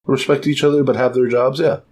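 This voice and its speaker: A man's voice: medium pitch, flat delivery, brisk, darkish tone. A man co-hosting a podcast, giving a loose, enthusiastic recap full of filler words and the odd swear. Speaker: podcast co-host. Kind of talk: casual podcast chat.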